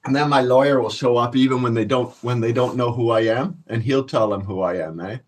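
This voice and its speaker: A man's voice: medium pitch, fairly quick. Profane laid-back man. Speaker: cannabis vlogger. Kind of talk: casual storytelling.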